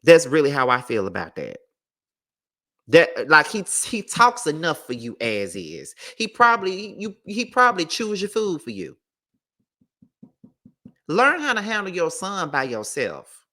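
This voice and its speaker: Blunt, profane low-voiced woman commentator. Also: wildly swooping pitch, a little slow, pauses often, bright, forceful tone. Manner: blunt and profane, reads out text messages. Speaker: celebrity gossip commentator. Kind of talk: opinionated commentary.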